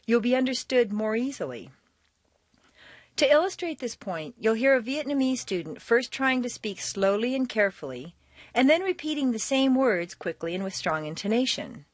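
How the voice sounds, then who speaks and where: An American woman narrates a scripted accent lesson. Her pitch rises and falls in wide, melodic swings, and she talks quickly with her words linked together. The sound is close and dry, with no room echo. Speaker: accent coach.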